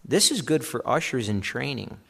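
A man preaching a sermon as pastor, talking in a conversational way and animated with asides. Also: mid-range voice, moderate pace, gravelly, husky, big-room sound.

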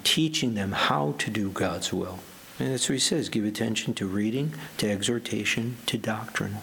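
Gravelly, low-voiced man preaching a sermon. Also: a little hiss or hum. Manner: earnest, emphatic preaching with slow stressed quotes. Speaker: pastor.

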